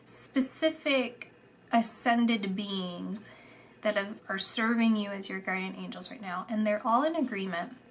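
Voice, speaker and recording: A woman giving a channelled psychic reading, soft and meandering, repeating words and sometimes dropping into a whisper. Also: medium pitch, a little hiss or hum. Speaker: psychic reader.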